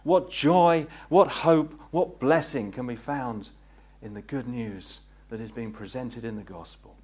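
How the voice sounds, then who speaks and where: A man preaching a gospel sermon, earnest and pleading, rising to fervent peaks and then dropping low. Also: unhurried, darkish tone, husky. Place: meeting hall.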